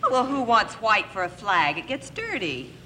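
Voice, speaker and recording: A demanding colonial seamstress. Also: female voice, medium pitch, big pitch swings, normal speed, pushed and bright, slight background noise. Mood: insistent. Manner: insistent, dry comic replies. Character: fussy, demanding colonial seamstress buying cloth. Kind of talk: 1960s TV sketch comedy.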